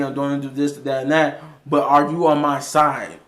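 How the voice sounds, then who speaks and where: A man's voice: on the high side, fairly even intonation, normal speed, few pauses. A man casually recapping a TV episode in a rambling way, with frequent restarts and fillers. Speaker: TV episode reviewer.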